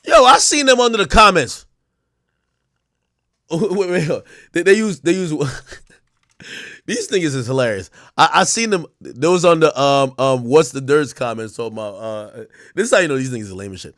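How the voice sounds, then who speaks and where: This livestream host, a man in his thirties, delivers a casual rant to his live chat, swearing, mocking and laughing a lot. His voice sits on the high side with lively intonation and a fairly bright tone at normal speed, captured as clean studio sound with no room sound.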